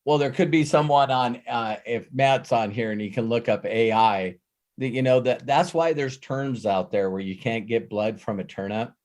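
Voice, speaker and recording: A male life coach leading a live session. He talks at an everyday middle pitch, circling his point with restarts and repeated words. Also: normal speed, a little mellow.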